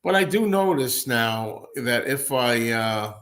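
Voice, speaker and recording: A man of middle pitch hosts a casual solo livestream and responds to viewer comments. He rambles and thinks aloud, and laughs easily. He sits indoors at a table with his laptop. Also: expressive, takes it slowly, a bit bright. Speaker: host.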